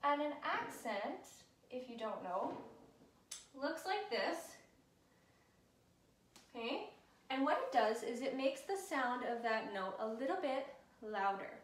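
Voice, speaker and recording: A woman's voice: high-pitched, lively intonation, slow pace, pauses often, distant mic. A woman music teacher giving an encouraging lesson to children in a classroom, counting and chanting along with them. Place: classroom with whiteboard. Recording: echoey room, voice from afar.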